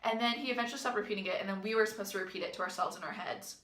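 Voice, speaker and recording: A woman's voice: mid-range voice, rapid-fire, fairly bright tone. A woman vlogger telling a story in a chatty, amused way, full of fillers. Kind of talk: casual storytime vlog. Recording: echoey room.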